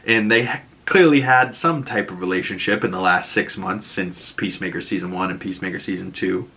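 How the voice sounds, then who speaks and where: Bright-voiced Boston guy recapping TV. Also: deep voice, fairly quick. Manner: loose rambling retelling, often laughing. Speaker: TV recap YouTuber. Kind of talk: casual episode breakdown.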